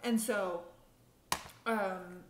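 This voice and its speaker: A woman's voice: medium pitch, fairly even intonation, extremely slow. A young woman hosting a casual vlog, telling a story in a rambling way with lots of fillers and restarts. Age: young adult. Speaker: vlog host. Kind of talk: casual chat. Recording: echoey room, faint hiss.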